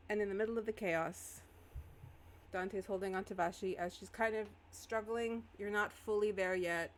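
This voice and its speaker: A woman's voice: mid-range voice, steady tone, moderate pace, slight background noise. A woman narrating a tabletop game as game master in a casual, hesitant way.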